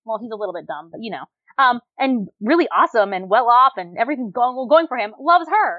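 A woman co-hosting a podcast in casual chat, animated, with lots of fillers and frequent laughter. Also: on the high side, brisk, few pauses, no room sound, dull audio. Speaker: podcast co-host reviewing dramas.

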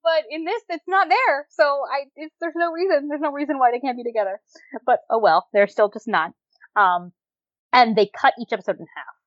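A woman co-hosting a podcast in casual chat, animated, with lots of fillers and frequent laughter. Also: fairly high pitch, brisk, no room sound, muffled recording. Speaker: podcast co-host reviewing dramas.

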